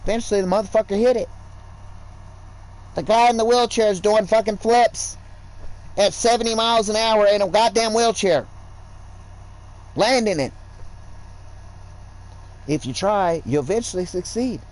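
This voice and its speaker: High-voiced man ranting profanely. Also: normal speed, pauses often, a little mellow, rough recording. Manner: profane, rambling, lecturing. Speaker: gaming streamer. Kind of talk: casual livestream rant.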